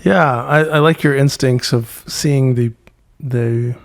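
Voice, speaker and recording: A man guest on an interview podcast, speaking reflectively and halting often to search for words. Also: mid-range voice, creaky. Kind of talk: reflective conversation.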